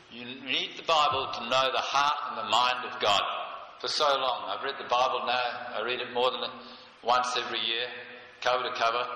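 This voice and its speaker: An older man preaching a sermon, earnest and emphatic, often slowing down to stress a point. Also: mid-range voice, sharp tone. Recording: echoey hall, heard from a distance.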